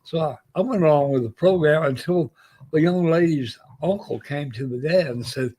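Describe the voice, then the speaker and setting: A man's voice: fairly high pitch, normal speed. An older man, a Navy veteran, telling a long personal story as an interview guest and acting out what others said. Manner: lively storyteller who acts out quoted voices. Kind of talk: spoken anecdote.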